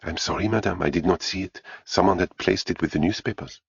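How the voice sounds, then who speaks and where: A man voicing a polite female housekeeper in a quiet, deferential way. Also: low-pitched, a little fast, breathy edge, dry recording, muffled recording, heavily acted. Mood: apologetic.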